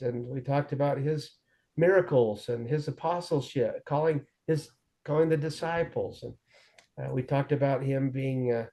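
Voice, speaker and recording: A man's voice: medium pitch, dark tone. A man in his forties telling his recovery story in an earnest, conversational way, acting out quoted dialogue as he goes. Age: 40s.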